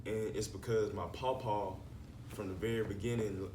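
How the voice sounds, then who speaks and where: A man's voice: lowish voice, fairly even intonation, normal speed, echoey room, far from the mic, background noise. A man, a rapper guest telling rambling, profane family stories in a casual interview. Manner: laid-back, profane, rambling storyteller.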